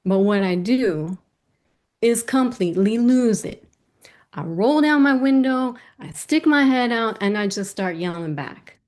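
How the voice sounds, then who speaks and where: Middle-aged woman for a live story slam, lively, wry, plays the voices in her story. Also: fairly high pitch, a little slow, pauses often. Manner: lively, self-mocking, acts out quoted voices. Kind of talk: personal story told to a virtual audience.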